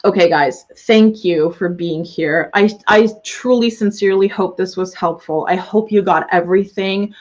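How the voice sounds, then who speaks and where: Excitable young woman coach on a live webinar, swears a lot, kinda dull lo-fi sound. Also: mid-range voice, moderate pace, few pauses. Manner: gushing, excitable, swears freely. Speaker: online business coach.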